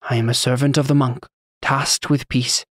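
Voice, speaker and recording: A man voicing a restrained male worker slowly reciting a mantra in a strained voice for an audiobook. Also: mid-range voice, level tone, no echo, studio quality, lightly acted.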